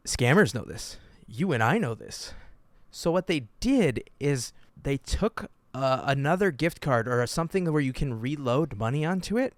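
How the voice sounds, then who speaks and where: A man co-hosting a podcast, telling stories in an animated, joking way and laughing often. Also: medium pitch, moderate pace, no room sound. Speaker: podcast co-host. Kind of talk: casual podcast chat.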